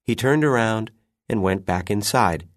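A man reads a children's story slowly, with a lowish voice that moves a lot in pitch. The sound is close and dry. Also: no room sound. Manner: unhurried expressive reading. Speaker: narrator. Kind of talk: storybook narration.

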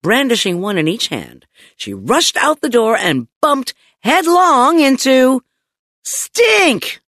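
A woman reading a children's audiobook with playful, animated storytelling. She takes her time, and her pitch swings widely from high to low. The sound is dry and close, from a studio mic. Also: a little slow, no room sound. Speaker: audiobook narrator. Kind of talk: expressive audiobook narration.

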